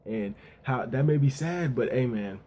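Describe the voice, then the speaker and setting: A man's voice: mid-range voice, animated, measured pace, warm tone. A man casually reviewing a manga chapter, talking loosely in slang with plenty of "yo" and "you know what I'm saying.".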